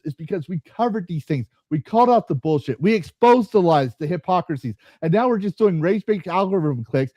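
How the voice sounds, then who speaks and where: A man's voice: sits high, darkish tone, dry recording. A man hosting a gaming podcast, ranting angrily and swearing, with frequent repeats and restarts. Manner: angry, swearing, repeating himself. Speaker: podcast host and streamer. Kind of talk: heated podcast rant.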